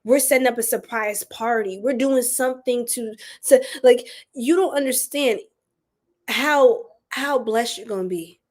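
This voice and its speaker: A woman giving a chatty live-streamed tarot reading, greeting chat viewers affectionately and using casual slang. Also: fairly high pitch. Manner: uses slang like y'all and boo. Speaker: tarot reader.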